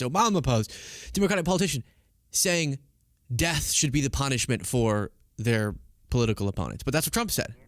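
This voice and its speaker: A man's voice: on the high side, a bit bright, no room sound, clean studio sound. A man streaming casual political commentary, arguing emphatically and with sarcasm.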